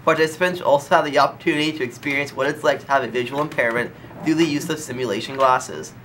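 Man, school announcements, bright and forceful tone, emphatic. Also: medium pitch, quick pace, slight background noise. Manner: emphatic, stressing key words.

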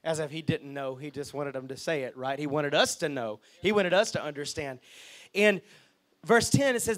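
A man preaching a lively sermon as pastor, often checking in with the congregation. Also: fairly high pitch, a little fast. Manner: lively, chatty, asks the crowd okay and right.

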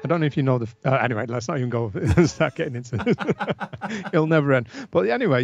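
Gravelly man in laid-back chat. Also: medium pitch, lively intonation, fast talker, dull audio, faint music behind. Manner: self-deprecating, laughing often. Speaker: guest guitarist. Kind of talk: casual interview chat.

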